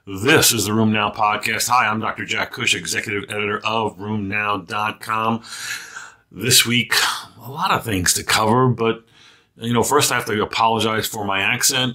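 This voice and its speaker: A man hosts a medical news podcast in a loose, conversational way. His voice sits fairly low but sounds bright and forward. He wanders into asides and fills pauses with plenty of ums and uhs. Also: fairly even intonation. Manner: chatty, loose, many fillers and asides. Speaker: podcast host, physician editor.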